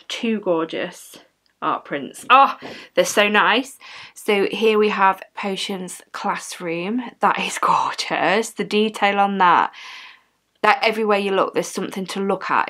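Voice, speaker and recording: A woman's voice: medium pitch, fairly bright tone. Chatty woman unboxing. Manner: chatty and gushing, reads item cards aloud. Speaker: unboxing vlogger. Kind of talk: casual unboxing chat.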